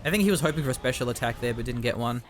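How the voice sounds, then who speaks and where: A man's voice: medium pitch, expressive, very fast. A man commentating a strategy video game in a casual, chatty way, often trailing off and restarting.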